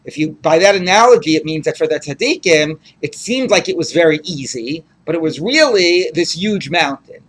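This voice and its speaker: A man's voice: a little high, lively intonation, normal speed, hardly any pauses, fairly bright tone. A man teaching a Talmud class in a conversational way, reading Aramaic and translating it phrase by phrase with frequent restarts. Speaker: rabbi teaching daily Talmud page. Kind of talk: Talmud study lecture.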